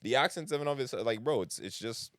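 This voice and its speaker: A man with a Toronto accent hosting a casual podcast chat, animated and slangy, swearing freely. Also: medium pitch, brisk, no echo, clean studio sound. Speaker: podcast host.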